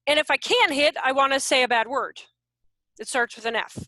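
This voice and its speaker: Bright, high, lively woman in her forties. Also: fairly quick, no echo, clean studio sound. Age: 40s. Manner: animated, self-deprecating, jokey. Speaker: behavior consultant. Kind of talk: online workshop talk. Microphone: video call.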